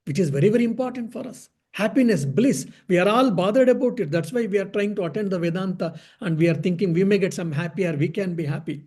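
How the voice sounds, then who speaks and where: A man's voice: high voice, fast talker, few pauses, darkish tone. A man, a monk, giving a spiritual discourse on Vedanta, explaining patiently, asking and answering his own questions and repeating key phrases.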